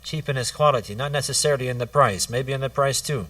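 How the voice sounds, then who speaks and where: A man's voice: medium pitch, fast, bright, forceful tone, no room sound, distant mic. A man giving a religious lesson, repeating key phrases and restarting his sentences as he teaches. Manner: repetitive, restarts phrases, stresses points twice. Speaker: Islamic teacher.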